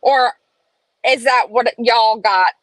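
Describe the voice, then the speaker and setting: A woman's voice: on the high side, slow pace, no room sound, low-quality recording. A woman, hosting a casual live stream from her home and chatting opinionatedly while reading comments aloud. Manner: chatty, reads chat aloud, opinionated asides. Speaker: livestream host. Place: home room.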